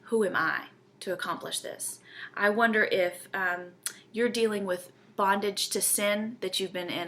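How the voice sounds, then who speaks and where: A woman's voice: mid-range voice, bright, forceful tone. A woman, teaching a Bible study in an earnest, conversational way and often checking in with her listeners.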